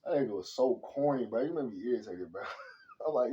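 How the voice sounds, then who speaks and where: A man giving a casual, slang-heavy movie review, animated and chatty, calling everyone "bro.". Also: fairly low pitch, brisk, dull audio, slight background noise. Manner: slangy and animated, says "bro" and "hella" constantly.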